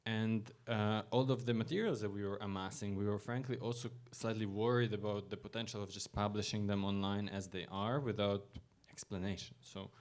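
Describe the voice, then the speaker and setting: A man hosts a panel in a slightly lower voice, often repeating words and restarting as he finds his way to the next speaker. His delivery is loose and unscripted. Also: fairly even intonation, fairly quick, hardly any pauses, a little mellow. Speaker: project lead and panel host. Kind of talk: panel moderation. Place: gallery event hall.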